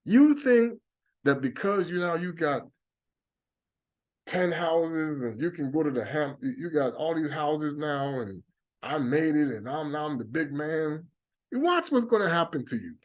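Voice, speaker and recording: A man with a fairly high voice preaches in an impassioned religious monologue. He speaks emphatically, leans hard on his warnings and circles back to them again and again. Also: lively intonation, a little slow, dull audio.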